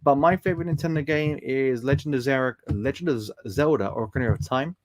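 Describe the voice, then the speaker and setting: A man's voice: mid-range voice, quick pace, no room sound, studio quality. A man chatting casually on a live stream, reading viewer comments aloud in an affectionate, laughing way.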